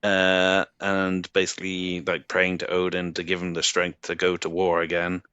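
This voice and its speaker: A man from England co-hosting a casual comics podcast, talking in an unhurried, halting way with many fillers. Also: low-pitched, completely flat delivery, pushed and bright, smooth, no echo, dull audio. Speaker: podcast co-host. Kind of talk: casual chat.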